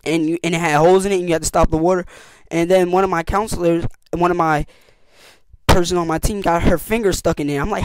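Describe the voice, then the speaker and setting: A teenage boy telling camp stories in a casual vlog, slangy and animated, acting out what people said with big jumps in his voice. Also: high voice, quick pace, dry recording. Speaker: youtuber.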